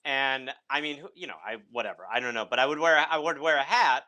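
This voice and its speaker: Male comedy guest, bright voice, quick playful storyteller. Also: medium pitch, rough recording. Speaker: podcast guest. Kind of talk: casual comedic chat.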